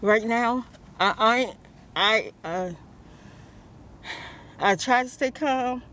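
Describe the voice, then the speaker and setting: A woman's voice: on the high side, very slow, bright, forceful tone. A woman vlogs about her stressful morning, praying aloud and restarting her sentences, out near a car. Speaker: vlogger. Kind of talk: emotional vlog monologue.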